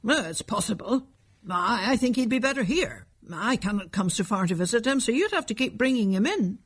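A woman voicing a hurried elderly male doctor, husky and brisk. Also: on the high side, lively intonation, no room sound, clean studio sound, voice pushed up.

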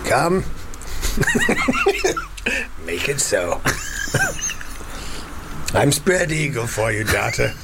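A man's voice: medium pitch, wildly swooping pitch, drawn-out words, gravelly, pauses often, heavy background noise, full character voice. A man playing a lusty, lovesick starship captain in a hammy, mock-seductive way.

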